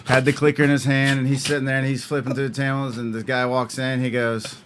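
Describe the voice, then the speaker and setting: A man who is a guest on a podcast, telling old stories in a halting, filler-heavy way that often breaks into laughter. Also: medium pitch, little pitch movement, a little hiss or hum. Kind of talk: casual interview chat.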